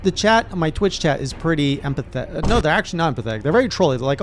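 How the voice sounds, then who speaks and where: A man, a gaming streamer, recapping his playthrough in casual narration with animated, excited reactions. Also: on the high side, very fast, few pauses, slight background noise.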